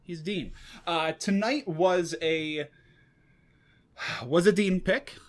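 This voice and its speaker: A man's voice: high-pitched, takes it slowly. A man co-hosting a podcast, chatting casually in dry, joking banter with frequent restarts. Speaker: podcast co-host. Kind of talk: casual chat.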